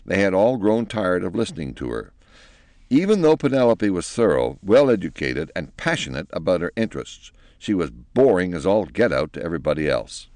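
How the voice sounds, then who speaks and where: A man with a low, deep voice narrates a storybook aloud. His reading swings widely in pitch, and the sound is close and dry. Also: moderate pace, no echo. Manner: expressive, animated reading.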